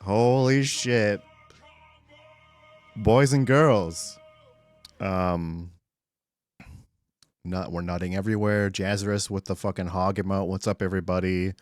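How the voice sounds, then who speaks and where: An excitable man hosts a casual live stream, chatting fast and loose with viewers, swearing freely and greeting people by name as he goes. His voice sits a little low for a man. The recording is dry and studio quality, with soft background music.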